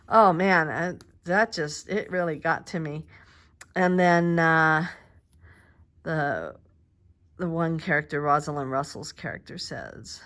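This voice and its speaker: A woman's voice: deep voice, expressive, takes it slowly. An older woman chatting in a meandering way while she crafts at home, with lots of fillers and restarts. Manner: soft-spoken, drops to murmurs while working. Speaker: crafting vlogger. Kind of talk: casual chat while crafting. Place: quiet home craft space.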